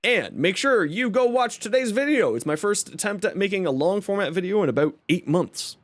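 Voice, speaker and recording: A man's voice: high-pitched, lively intonation, a little fast. A young man chatting casually on a live game stream, upbeat and talkative as he announces giveaways and thanks viewers. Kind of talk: casual live-stream chat while gaming.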